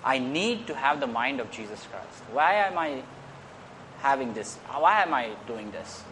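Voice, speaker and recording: A man's voice: mid-range voice, very animated, measured pace, bright, forceful tone, a little hiss or hum. Earnest male preacher with rising emphasis. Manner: earnest, rising in emphasis on key points, repeats phrases. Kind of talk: sermon.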